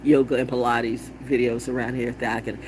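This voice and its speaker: A woman's voice: very deep voice, little pitch movement, fairly quick, darkish tone, slight background noise. A woman rambling bluntly and with plenty of swearing in a casual monologue, often repeating words for play. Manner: blunt, profane and wandering. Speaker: vlogger.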